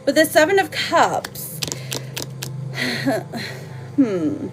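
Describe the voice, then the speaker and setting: A woman reading tarot cards on a live stream, chatting casually and warmly with lots of fillers and slang. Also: high voice, very animated, drawn-out words, music in the background.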